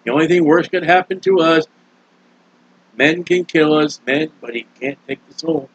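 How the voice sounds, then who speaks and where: A man's voice: normal speed, husky, no room sound. Folksy scolding preacher man. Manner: folksy, scolding, acts out quoted voices. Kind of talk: sermon. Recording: dull, dry, low-fidelity recording.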